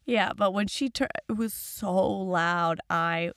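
A woman's voice: mid-range voice, slow pace, no echo, studio quality. A woman hosting a podcast, chatting casually and laughing often. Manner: giggly, animated. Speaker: podcast host.

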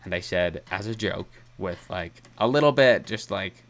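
A man's voice: sits low, expressive, moderate pace, a bit bright. Rambling young man chatting. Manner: rambling, candid, laughs often. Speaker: podcast host. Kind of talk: casual solo podcast chat.

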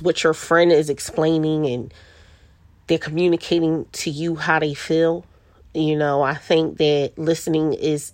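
A woman's voice: deep voice, no room sound. A middle-aged woman hosting a podcast, chatting in a casual solo monologue, full of "you know" and restarts. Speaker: podcast host. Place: quiet spot with birds outside.

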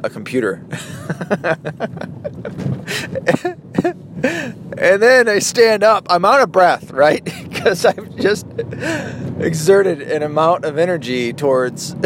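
A man in his thirties telling a casual vlog story about himself as a father, profane and rambling, often laughing as he talks. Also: a little high. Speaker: vlogger, father of an eight-year-old. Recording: clear traffic and street noise.

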